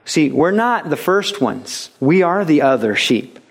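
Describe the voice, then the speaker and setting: A male pastor preaching a sermon, animated and acting out little dialogues and mimicking voices for laughs. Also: a little high, unhurried, gravelly.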